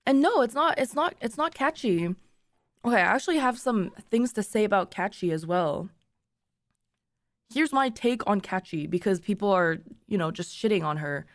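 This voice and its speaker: A woman's voice: mid-range voice, lively intonation, moderate pace, no room sound, studio quality. A young woman streamer chatting emotionally with her viewers, rambling with restarts and drifting between tears and laughter. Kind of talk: casual chat to stream viewers. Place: treated room with acoustic panels.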